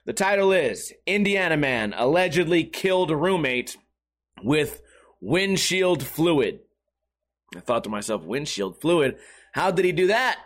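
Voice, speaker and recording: A man's voice: a little high, a bit bright. A man hosting a podcast, talking casually with sarcasm and lots of swearing, often slipping into mocking voices. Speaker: podcast host. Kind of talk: casual comedic podcast monologue.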